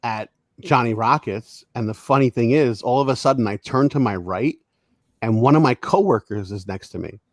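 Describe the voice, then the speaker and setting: A man co-hosts a casual podcast and tells loose, laughing anecdotes. His voice is mid-pitched, and the recording is dry with no room sound. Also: moderate pace, dry recording. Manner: storytelling, laughing at his own tales. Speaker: podcast co-host.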